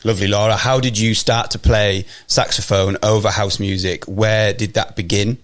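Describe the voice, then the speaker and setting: A man's voice: on the low side, fairly even intonation, normal speed. A man hosting a podcast, asking questions hesitantly with many restarts into a studio podcast mic. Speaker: podcast host. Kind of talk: casual podcast chat.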